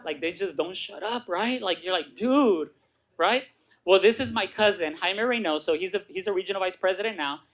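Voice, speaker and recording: A middle-aged man giving a motivational talk to a live audience, telling his story with lively acted-out voices and asking "right?" again and again. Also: high-pitched, a little fast. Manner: animated storytelling, acts out quoted voices, keeps asking "right?". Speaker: guest speaker. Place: meeting room with audience.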